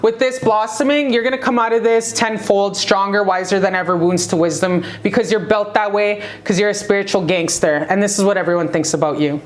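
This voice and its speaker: A woman's voice: medium pitch, fairly even intonation, fairly quick, hardly any pauses. A woman giving a casual tarot reading to camera, emphatic and profane, with big swings in her delivery. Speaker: tarot reader. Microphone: talking to camera.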